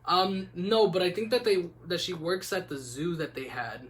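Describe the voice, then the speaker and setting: A man's voice: high-pitched, lively intonation, moderate pace, fairly bright tone. A young man hosting a casual podcast, rambling laid-back with lots of "like" and "man.". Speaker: podcast host. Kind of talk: casual chat.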